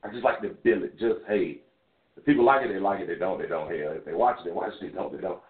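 A man's voice: low-pitched, fast. Thirties male host, casual call-in radio monologue, candid and profane, phone-line sound with echo. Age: 30s. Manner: loose, rambling, candid and profane. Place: in a car while driving. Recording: tinny phone line, echoey.

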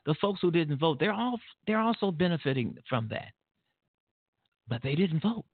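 A man's voice: on the high side, sing-song, normal speed, no echo. A man hosting an internet radio show, giving an indignant, rambling monologue over a phone line. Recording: tinny dry phone-line audio.

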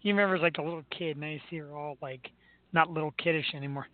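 A man's voice: on the high side, steady tone, very fast, no room sound. A man hosting a talk show, chatting enthusiastically about local sports. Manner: chatty, enthusiastic fan banter. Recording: tinny phone-like sound with faint noise.

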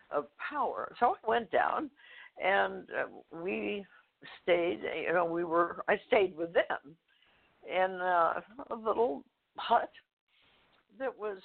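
An older woman, a guest author, telling a personal story in a phone interview, halting, with fillers, restarts and soft laughs. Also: lowish voice, creaky. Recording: tinny phone line.

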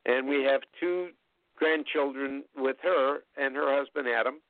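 An older man telling rambling, chatty anecdotes as an interview guest, with frequent pauses. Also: mid-range voice, fairly even intonation, no room sound, phone-quality sound. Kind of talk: storytelling anecdotes in casual conversation.

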